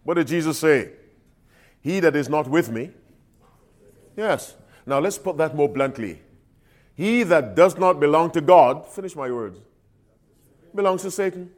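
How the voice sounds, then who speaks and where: A man preaching a sermon in an emphatic call-and-response style, swinging between loud appeals and soft asides. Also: on the high side, animated, measured pace, long pauses.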